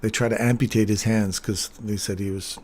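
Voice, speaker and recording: Rambling, low-voiced man telling stories. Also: fairly even intonation, a little fast, darkish tone, breathy edge. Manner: rambling anecdotes with chuckles and many fillers. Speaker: trading livestream host. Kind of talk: casual livestream storytelling.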